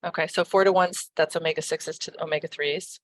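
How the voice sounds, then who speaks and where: A woman's voice: low voice, fairly even intonation, fairly quick, slight background noise. A woman hosting an interview podcast, giving short affirming replies and questions. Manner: brief affirming responses. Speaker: podcast host.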